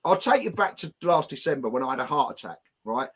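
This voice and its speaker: A man's voice: on the high side, big pitch swings, fast talker, husky. A man hosting a live stream, telling stories in blunt, defiant, heavily profane casual chat. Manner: blunt, heavy swearing, defiant.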